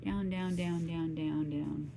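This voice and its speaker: A woman reads a children's storybook aloud to a child at home. Her voice sits a little low and stays gentle and expressive, with playful sound effects. A faint room hum runs underneath. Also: takes it slowly, creaky, low-quality recording. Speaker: parent reading aloud.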